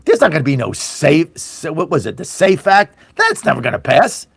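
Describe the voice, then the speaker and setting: Fired-up, high-pitched angry talk host. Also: male voice, huge pitch swings, moderate pace, vocal fry, slightly rough, dry recording. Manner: angry, sarcastic, mocking voices of opponents; blunt, swears, repeats for emphasis. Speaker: radio talk show host. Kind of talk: fiery political talk radio rant.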